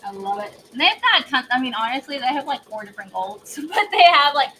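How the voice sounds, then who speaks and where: Her voice is high, sharp, and fairly quick, swinging widely in pitch as she hosts a live embroidery demo with lots of gushing chatter and laughter. She's a little congested and mentions cold medicine, over low-quality audio with some hiss or hum.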